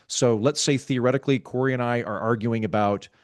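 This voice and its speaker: A man, a guest author in a podcast interview, explaining ideas in a wry, self-aware, calm and measured way. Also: medium pitch, dry recording, clean studio sound. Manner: talks calmly, measured.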